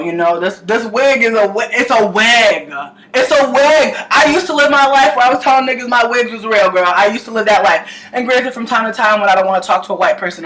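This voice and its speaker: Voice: medium pitch, fairly bright tone, poor audio. A vlogger ranting to camera in a casual, impassioned and profane way, full of fillers like "like" and "you know". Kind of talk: casual vlog rant to camera.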